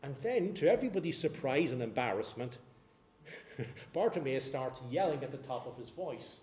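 A man preaching a sermon, telling a scripture story in an animated way. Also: mid-range voice, normal speed, echoey room.

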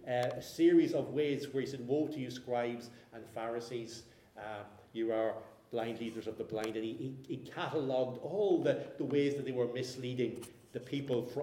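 Male preacher, measured teaching sermon, dark mellow tone, echoey hall. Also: medium pitch, a little hiss or hum. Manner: measured, explanatory, with frequent restarts. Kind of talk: expository sermon. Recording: roomy echo.

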